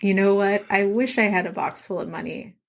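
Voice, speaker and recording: A woman co-hosting a chatty book podcast, her voice sitting in a middling register. She talks with animation, often slips into quick acted-out quotes of characters, and giggles between thoughts. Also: medium pitch, creaky. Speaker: podcast co-host. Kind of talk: casual book-club chat.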